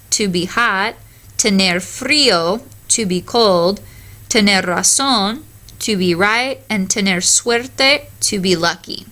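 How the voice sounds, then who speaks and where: A woman's voice: medium pitch, sharp tone. A woman teacher explaining Spanish verb conjugation in a recorded lesson, patiently modelling each word.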